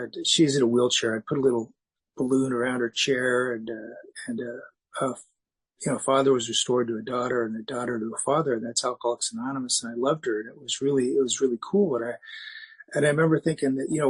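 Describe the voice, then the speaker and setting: A middle-aged man giving a personal recovery share at a meeting, telling his story candidly and haltingly, with many restarts. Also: mid-range voice, husky, low-quality recording. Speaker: speaker sharing at a recovery meeting.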